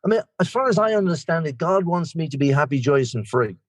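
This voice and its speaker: A man's voice: fairly high pitch, animated, fast talker, no echo. An Irish man in his sixties, sharing his recovery story at a meeting in a rambling, self-deprecating way. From Ireland. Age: 60s. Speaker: guest speaker.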